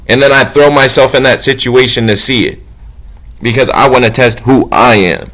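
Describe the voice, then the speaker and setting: A man gives an unscripted spiritual monologue, cursing freely as he talks. His voice sits in an ordinary middle pitch, dropping low and quiet when he muses and climbing high and loud when he preaches. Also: moderate pace. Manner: blunt and profane, swinging between low musing and loud preaching. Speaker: motivational talker.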